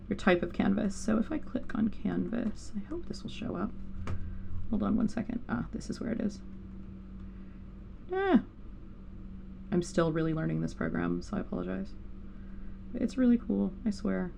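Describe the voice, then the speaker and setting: Woman art instructor with a fry-tinged voice, chatty and self-correcting, faint noise on the stream mic. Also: mid-range voice, a little mellow. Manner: rambling, self-interrupting, with many fillers. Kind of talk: live digital painting tutorial.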